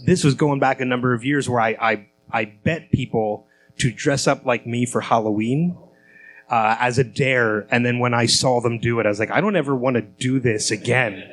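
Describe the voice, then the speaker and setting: A man's voice: mid-range voice, fairly even intonation, normal speed, poor audio. A man with a mid-range voice hosts a live panel at a fan convention. He asks his questions casually and lets them ramble a little, in a loose, conversational way. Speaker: panel host.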